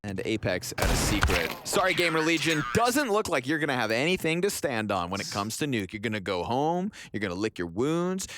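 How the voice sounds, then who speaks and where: A man calling live esports play-by-play with animated, vivid commentary. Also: medium pitch, no echo, clean studio sound.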